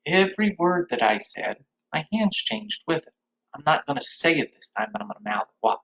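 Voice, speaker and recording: A man teaching an online music class for young children, cheerful and encouraging, now and then dropping into high and low puppet voices. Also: very animated, brisk, vocal fry, heavy background noise. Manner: cheerful, encouraging, speaks to small kids.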